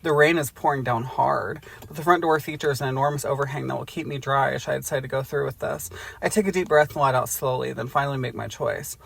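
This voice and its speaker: Husky, gravelly man reading aloud for laughs, joking asides between passages. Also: medium pitch, fast talker, fairly bright tone. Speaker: podcast co-host. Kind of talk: comedic reading of a book aloud.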